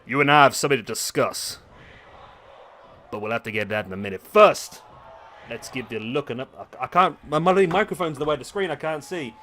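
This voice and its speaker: A man's voice: mid-range voice, fairly quick, pushed and bright, slight background noise. A man casually commentating a wrestling video game, chatty and self-mocking.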